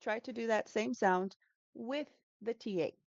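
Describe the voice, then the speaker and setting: A woman's voice: fairly high pitch, unhurried, vocal fry, no echo, highs cut off. A woman who teaches English, talking through pronunciation tips in a casual interview, explaining patiently and demonstrating sounds with frequent fillers.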